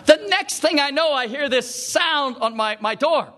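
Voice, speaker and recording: Animated high-voiced preacher man. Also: measured pace. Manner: animated anecdotes with acted quotes. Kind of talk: storytelling sermon.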